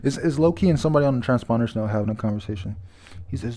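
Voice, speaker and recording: A man's voice: mid-range voice, racing, warm tone. A chatty man reading a comic chapter aloud in his middle-range voice, casual and loose. He stumbles over names, restarts his sentences and often breaks into laughter. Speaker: comic reader and reviewer. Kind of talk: casual comic read-through.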